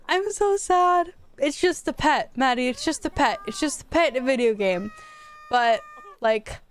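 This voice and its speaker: A woman's voice: on the high side, lively intonation, unhurried. A young woman casually commenting on her gameplay, chatty and emotional, talking straight to her viewers. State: tearful, near crying. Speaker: gaming YouTuber.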